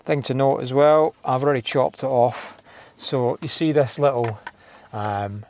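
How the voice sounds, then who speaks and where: A man's voice: medium pitch, measured pace, darkish tone, a little hiss or hum. A Scottish man hosting a do-it-yourself car video, talking casually and poking fun at himself as he works inside a parked car. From Scotland. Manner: chatty, self-deprecating, thinking aloud while working. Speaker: car DIY video host. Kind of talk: casual install walkthrough.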